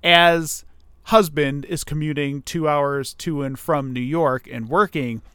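Guy on a movie podcast, smooth clear voice, laughing thru a sarcastic recap. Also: on the high side, steady tone, takes it slowly, bright, forceful tone, no echo. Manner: laughs often, recaps the plot with dry sarcasm. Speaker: podcast co-host. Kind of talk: casual movie review chat.

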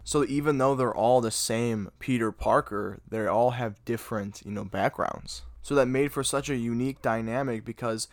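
A young man gushing about a movie in an excited, casual recap, full of "dude" and "oh my God". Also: medium pitch, normal speed, hardly any pauses, no room sound. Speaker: movie fan reviewer.

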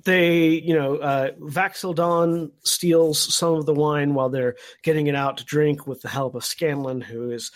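A man's voice: a little high, steady tone, unhurried, hardly any pauses. A man co-hosting a podcast, recapping an episode at length in a thoughtful, filler-heavy way. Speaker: podcast co-host. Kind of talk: casual podcast discussion.

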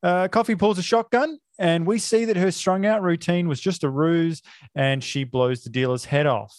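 A man's voice: a little high, moderate pace, no echo, clean studio sound. A man, a podcast co-host, casually recapping a film plot, full of filler uhs and offhand swearing.

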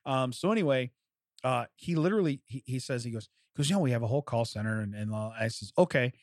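A man's voice: medium pitch, expressive, quick pace, dry recording, studio quality. A man telling a long story in casual chat, acting out both sides of a phone call and laughing often.

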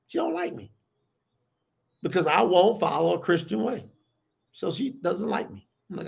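Middle-aged man, animated sermon delivery, high and gravelly, keeps turning to the audience. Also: normal speed, long pauses. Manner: animated, addresses the audience as y'all. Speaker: preacher.

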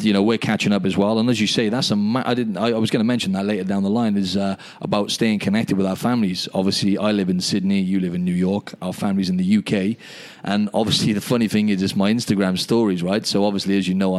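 A man co-hosting a podcast over a video call, chatting in an animated storytelling way and saying "mate" often. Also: fairly low pitch, quick pace. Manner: animated storyteller, says "mate" and "you know what I mean" a lot. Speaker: podcast co-host.

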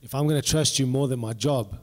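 A man's voice: medium pitch, brisk, a little mellow. A man speaking in a church service, giving an earnest, emphatic testimony. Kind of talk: testimony-style church talk. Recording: long hall reverb.

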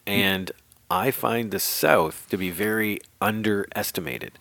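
A man from Canada chatting in a relaxed, blunt way. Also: on the low side, measured pace, gravelly, dry recording. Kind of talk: casual chat.

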